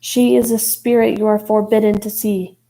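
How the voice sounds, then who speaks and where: A woman's voice: medium pitch, flat delivery, normal speed, mellow, lightly acted, low-quality recording. A woman voicing the solemn, warning ghost of a protective older sister.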